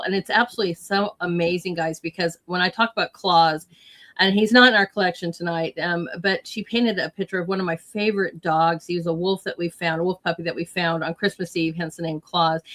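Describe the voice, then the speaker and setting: Gushing woman host, lowish voice. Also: fairly bright tone. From United States. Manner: gushing, effusive praise. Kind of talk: casual chat.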